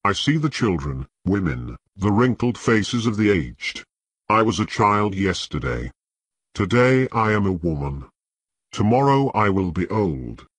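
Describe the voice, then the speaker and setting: A man voicing a resolute young queen, speaking in solemn, measured declarations with a husky, lively delivery. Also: lowish voice, no echo, exaggerated voice.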